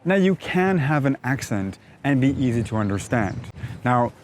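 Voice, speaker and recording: A man with a North American accent, an English coach explaining pronunciation in a measured, emphatic teaching manner. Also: medium pitch, big pitch swings, slight background noise. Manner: measured, emphatic teaching delivery with frequent "now". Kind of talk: explanatory video lesson.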